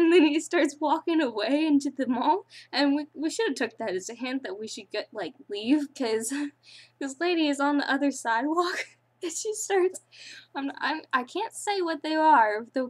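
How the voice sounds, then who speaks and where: A teenage girl with a high, bright-toned voice tells a long anecdote to her camera in a casual way. She giggles often and rambles with lots of "like" and "um." Her restarts come as the story spills out. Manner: giggly, breaks into laughter often; rambling, with many fillers and restarts. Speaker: vlogger.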